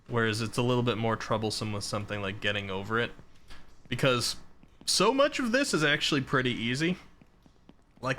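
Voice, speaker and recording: A man from the Boston area in relaxed, casual chat with his live chat while playing a game. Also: mid-range voice, slight background noise. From Boston area, Massachusetts. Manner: relaxed, chatty, reads out chat messages. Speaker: streamer.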